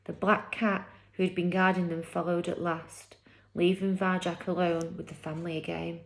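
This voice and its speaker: A woman reading a children's novel aloud chapter by chapter, with expressive, dramatic storytelling. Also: fairly low pitch, normal speed.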